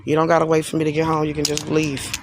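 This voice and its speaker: A man's voice: fairly high pitch, monotone, fast, noisy background. A man on a live stream, sarcastically repeating himself in an exasperated rant at someone who accused him.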